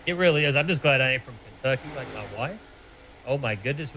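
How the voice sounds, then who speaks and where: A man's voice: mid-range voice, fast talker, vocal fry. A man from Tennessee calling a sim race play-by-play, chatty and joking with his co-host. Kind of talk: sim racing broadcast commentary. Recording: steady background noise.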